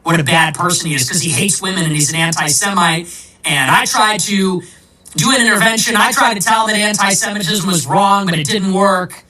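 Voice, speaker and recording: Sharp-toned man on a sarcastic political rant, combative, a bit far from the mic. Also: high voice, a little fast. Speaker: political commentator. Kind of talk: ranting monologue.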